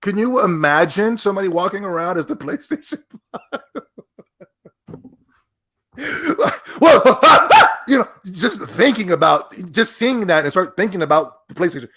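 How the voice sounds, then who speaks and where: A young man hosting a gaming podcast, ranting in a mocking, giggly, excitable way. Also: sits high, a little slow. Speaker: podcast host. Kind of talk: casual gaming podcast rant.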